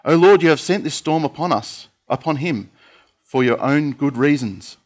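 A man's voice: on the high side, expressive, moderate pace, pitched above the performer's own voice. A man voicing frightened male sailors in a storm, urgent and pleading as he reads the passage aloud. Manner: loud urgent questioning.

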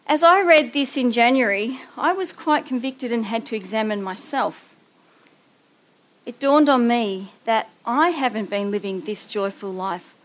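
A woman preaching a sermon, telling a family story with animated voices before reading scripture. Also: on the high side. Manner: animated storytelling, acting out a child's voice.

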